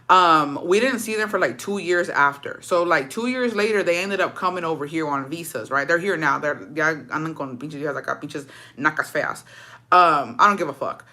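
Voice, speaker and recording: Bright-voiced woman telling a profane story. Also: on the low side, normal speed. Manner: profane, animated, acts out quoted dialogue; slips into Spanish phrases. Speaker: storytime vlogger. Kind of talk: casual storytelling.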